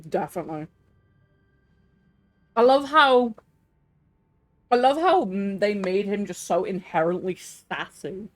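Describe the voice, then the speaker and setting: A woman's voice: medium pitch, animated, a little slow, pauses often, faint music behind. A woman streaming a game, chatting crudely and laughing often. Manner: crude, giggly banter with frequent laughs. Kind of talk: casual chat while gaming.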